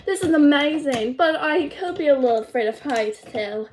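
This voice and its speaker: A woman's voice: high-pitched, lively intonation, moderate pace, a little mellow. Woman voicing an awestruck boy pup. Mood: amazed. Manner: breathless wonder. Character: eager young male firefighter pup. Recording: noisy home recording.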